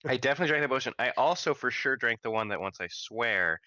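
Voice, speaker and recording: A man's voice: medium pitch, expressive, fast talker, pushed and bright, dry recording. A man playing a tabletop game, chatting playfully and laughing often. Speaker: player. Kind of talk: casual tabletop game chat.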